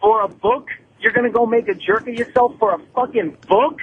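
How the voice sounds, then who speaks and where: A man's voice: very high voice, fairly quick, husky. A man calling in to a radio show on his cell phone, arguing and taunting the host. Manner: taunting, argumentative. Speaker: caller. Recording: noisy lo-fi phone line.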